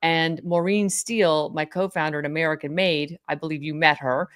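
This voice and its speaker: Animated woman telling stories. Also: low-pitched, normal speed, dry recording, clean studio sound. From Florida. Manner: animated storyteller, acts out quotes. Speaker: interview guest. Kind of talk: casual interview chat.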